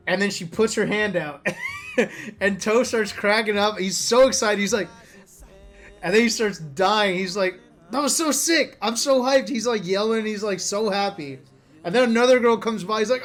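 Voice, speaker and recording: High-voiced man telling wild stories. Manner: animated, profane, laughing storyteller. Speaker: esports player vlogger. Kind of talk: casual storytelling monologue.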